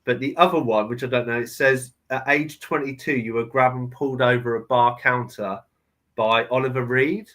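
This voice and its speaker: A male interviewer with a mid-range voice chats easily with his guest. His questions are loose and friendly, with fillers and small pauses between thoughts. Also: mid-range voice. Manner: relaxed and curious, with light laughter and fillers. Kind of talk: casual interview chat.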